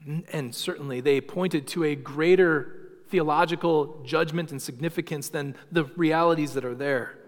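A man preaching a sermon, telling stories and slowing down for emphasis. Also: mid-range voice. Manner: storytelling, emphatic with slowed dramatic phrases. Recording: long hall reverb.

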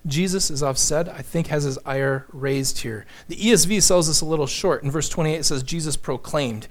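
A man's voice: fairly high pitch, moderate pace. Impassioned man preaching a sermon. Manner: impassioned, emphatic, swings between loud and hushed.

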